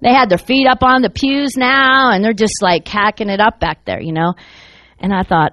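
A woman preacher telling a story in a sermon, animated and acting out the voices of the people in it. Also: medium pitch, fairly quick, no echo. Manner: animated, acts out voices in her stories.

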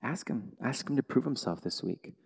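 A male pastor preaching a sermon in a church, animated, swinging from quiet asides to loud exclamations. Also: mid-range voice, normal speed, vocal fry, slightly rough. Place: church sanctuary. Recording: long hall reverb.

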